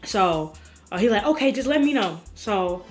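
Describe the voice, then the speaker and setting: A woman's voice: medium pitch, moderate pace, faint music behind. A woman vlogger telling a personal story in a casual way, acting out her own cries and other people's lines. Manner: animated, acts out her own cries and quotes.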